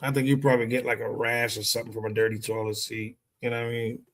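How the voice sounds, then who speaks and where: A man's voice: medium pitch, little pitch movement, fast, fairly bright tone, poor audio. A man chatting casually on a podcast in a laid-back way, swearing freely. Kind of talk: casual chat.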